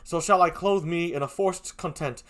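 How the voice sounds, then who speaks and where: A man voicing Cassio, a disgraced young officer who pleads in a rushed, earnest way, in an amateur Shakespeare reading. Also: a little high, a bit bright, lightly acted. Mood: pleading.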